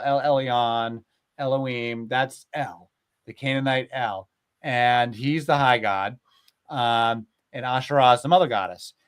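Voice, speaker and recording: A man retelling old myths in a casual, animated way, with lots of filler words, as a podcast host. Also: mid-range voice, smooth. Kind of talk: casual storytelling chat.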